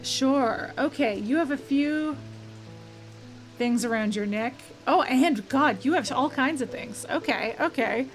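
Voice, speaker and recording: At a measured pace and in a high-pitched voice, a young woman streams a puzzle game. Her let's-play commentary mixes chatting, thinking aloud, reading the game's text out loud, and self-corrections, all over background game music.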